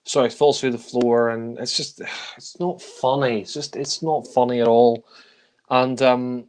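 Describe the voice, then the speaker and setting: A man's voice: mid-range voice, steady tone, a little slow, darkish tone, clean tone. A man giving a casual spoken film review, blunt and critical, with frequent sighs and filler words.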